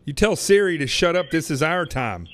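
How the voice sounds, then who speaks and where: A man from Arkansas hosting a talk show, chatting casually and joking with a caller and often pausing on fillers. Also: fairly high pitch, big pitch swings, a bit bright. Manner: joking, friendly, lots of fillers.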